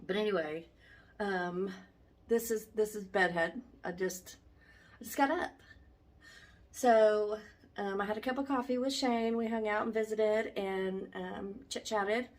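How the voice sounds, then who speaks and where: A woman's voice: medium pitch, fairly even intonation, unhurried. Chatty woman vlogging on her phone. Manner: chatty, rambling, many ums. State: a little out of breath. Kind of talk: casual vlog chat. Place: home indoors, then outdoors on a run. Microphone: handheld phone.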